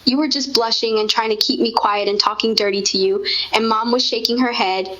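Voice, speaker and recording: A woman in casual conversation with her partner, telling their shared story in an animated way. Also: fairly high pitch, fairly quick, lo-fi sound. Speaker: co-host recounting a shared memory.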